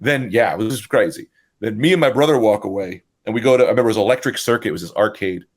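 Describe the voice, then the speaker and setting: A man with a lowish voice, chatting casually on a podcast. He tells stories in a loose, profane, animated way, with lots of restarts and quoted voices. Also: fast. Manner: profane, animated anecdote telling. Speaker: podcast co-host. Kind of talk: casual chat, storytelling.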